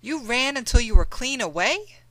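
A reader voicing a stern older woman on a plantation who scolds loudly and urgently. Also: medium pitch, big pitch swings, measured pace, dry recording. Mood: questioning. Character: stern older enslaved woman, fierce protector.

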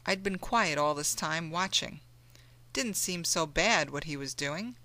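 A woman narrating an audiobook in a measured storytelling manner. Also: deep voice, lively intonation, pushed and bright, no echo. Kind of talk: scripted narration.

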